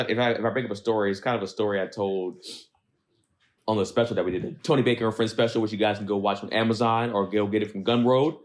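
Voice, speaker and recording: A young man hosting a casual podcast chat, telling rambling, self-deprecating stories. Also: lowish voice. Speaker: podcast host.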